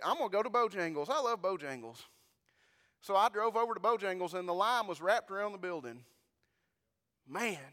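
A man's voice: on the high side, a bit bright. A man preaching a sermon, telling a folksy story and talking straight to his congregation. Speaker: pastor. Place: church. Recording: long church reverb.

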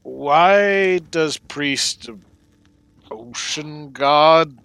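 A man voicing a gruff male sea-creature warrior who speaks in slow, clipped, broken phrases. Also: a little high, a bit bright, no room sound, exaggerated voice. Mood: blunt.

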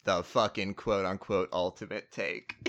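Slow-talking bright-voiced man. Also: lowish voice, expressive, lo-fi sound. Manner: rambling, many fillers and swearing. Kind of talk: casual chat about a movie.

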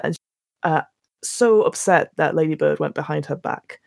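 A woman's voice: low-pitched, moderate pace, creaky, dry recording, clean studio sound. A woman co-hosting a casual podcast chat about films, retelling scenes and acting out the characters' lines with plenty of restarts. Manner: animated storytelling, acts out quotes, restarts often. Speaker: podcast co-host reviewing films.

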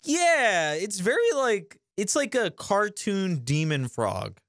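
A man's voice: high voice, sing-song, slow pace, a bit bright, no room sound, studio quality. A man co-hosting a casual review podcast, riffing playfully on absurd what-if scenarios. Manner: playful, riffs on absurd hypotheticals. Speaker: podcast co-host.

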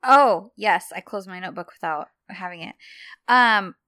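A woman co-hosting a casual podcast chat about a TV show, quick to agree and laugh along. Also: mid-range voice, bright, forceful tone, no echo, studio quality. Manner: responsive, frequent short agreements and laughs. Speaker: podcast co-host.

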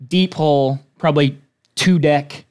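A man's voice: a little high, fairly even intonation, slow, darkish tone. A young man, a demolition derby driver, casually telling stories as a guest in a chat. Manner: matter-of-fact, swears casually.

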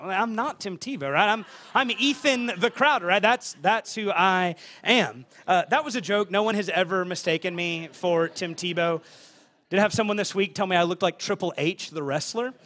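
A young man delivers a sermon in a notably high voice. He talks the scripture through in a loose, conversational way. He often restarts and repeats words along the way. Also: moderate pace, bright, forceful tone. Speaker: pastor.

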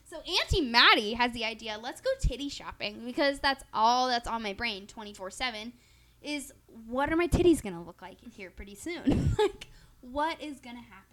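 Brief: woman podcast co-host with a high voice, swears freely, animated anecdotes. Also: moderate pace. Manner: profane, animated storytelling. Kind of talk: casual chat.

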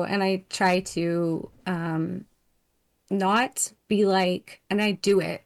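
A middle-aged woman co-hosts a casual podcast chat. She talks in an easy, rambling way, with frequent "um" and "you know". Her voice sits at an ordinary pitch. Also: steady tone, takes it slowly. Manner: chatty, warm storytelling with fillers. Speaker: podcast co-host.

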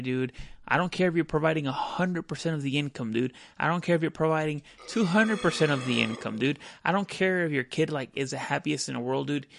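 A man's voice: medium pitch, vocal fry, a bit bright, a little hiss or hum. A man in casual podcast chat, blunt and profane, ending almost every phrase with "dude".

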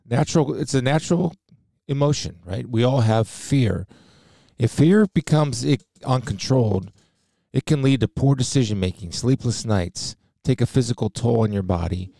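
A man's voice: medium pitch, vocal fry, warm tone, no room sound, clean studio sound. A middle-aged man giving an earnest spoken devotional talk, quoting scripture and sharing a personal story. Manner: earnest, preacherly, quotes scripture. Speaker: speaker sharing faith.

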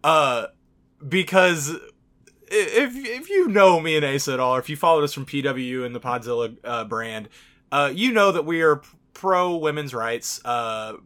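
Bright-voiced candid male co-host. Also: a little high, lively intonation, moderate pace. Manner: candid, swears freely, many fillers. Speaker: podcast co-host. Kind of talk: casual podcast chat.

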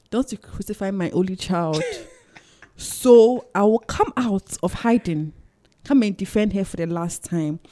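A woman's voice: mid-range voice, a little mellow. A woman guest on a podcast, recapping a TV episode in casual, emphatic chat and laughing often. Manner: dramatic retelling with repeated phrases.

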